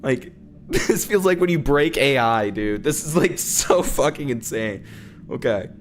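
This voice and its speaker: A male streamer reacts with loose jokes and frequent laughs, his voice rising and falling a lot. He speaks at an ordinary pitch, with a faint noise floor behind him. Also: expressive, measured pace. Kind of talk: casual reaction commentary.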